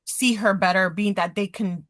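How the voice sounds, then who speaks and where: A woman's voice: medium pitch, normal speed. A woman in her thirties on a podcast, casually telling a personal story and animatedly acting out the dialogue. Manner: animated, acts out quoted dialogue, talks with her hands. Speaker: podcast guest.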